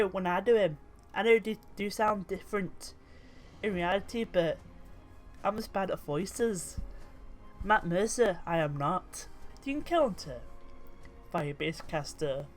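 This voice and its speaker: Slow-talking British woman chatting. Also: medium pitch, animated, soft background music. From Britain. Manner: chatty and swearing, trailing off mid-thought. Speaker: YouTuber reading memes. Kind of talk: casual commentary on tabletop game memes.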